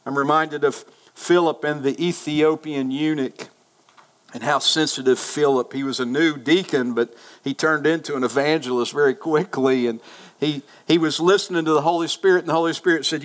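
A man preaching a sermon as pastor, fervent in prayer, swinging between loud pleading and hushed, storytelling asides. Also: on the high side, steady tone, brisk. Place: church sanctuary.

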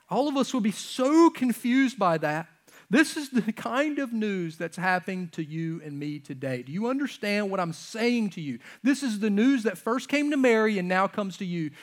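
A pastor with a high voice preaching from the stage of a church. He swings from loud, emphatic declarations down to hushed, almost whispered lines. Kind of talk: sermon.

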